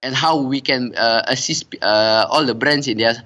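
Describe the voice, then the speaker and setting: A man's voice: medium pitch, moderate pace, pushed and bright. A middle-aged man, a company director interviewed as a guest, who talks hesitantly with many fillers and repeated "and all" tags. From Singapore. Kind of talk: casual interview conversation.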